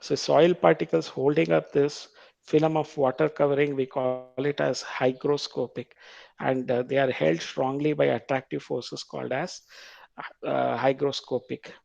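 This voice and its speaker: A man with an Indian English accent lecturing on biology, reading quiz questions aloud, repeating them slowly and explaining the answers patiently. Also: mid-range voice, level tone, gravelly, darkish tone, no room sound, dull audio. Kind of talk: quiz-style classroom lecture.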